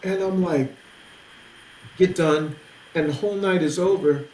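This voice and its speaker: A man's voice: sits high, unhurried. A man in his sixties from New Jersey, a musician guest telling stories in an interview and acting out what people said. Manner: animated storyteller, acts out quoted voices. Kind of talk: interview storytelling. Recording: roomy with faint noise.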